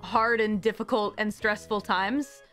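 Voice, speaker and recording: A young woman hosting a casual chat stream, rambling in an animated way and slipping into playful put-on voices. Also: medium pitch, unhurried, faint music behind. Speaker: streamer host.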